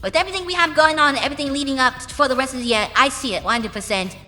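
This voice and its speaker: A woman's voice: high-pitched, pushed and bright. A woman musician from the United Kingdom giving brash, profane interview answers in a casual way. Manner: brash and profane, drawn-out emphatic phrases. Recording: reverberant room with music behind.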